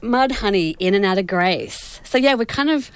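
A woman's voice: medium pitch, expressive, normal speed, smooth. A woman co-hosting a radio show, chatting casually and playfully and thanking listeners by name.

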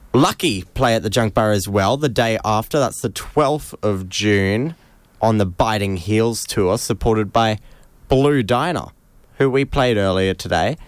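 A man with a low, smooth voice runs through the week's gigs on community radio. He talks in a relaxed, easygoing way. The studio sound is close and dry. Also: no echo. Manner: relaxed, unhurried listing of dates. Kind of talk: casual radio gig guide. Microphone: studio microphone.

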